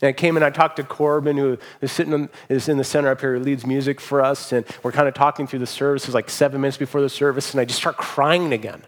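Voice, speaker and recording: A pastor preaches a sermon earnestly and emotionally, often restarting his words and letting phrase endings trail off softly. His medium-pitched voice stays level in tone, and he speaks fast with few pauses.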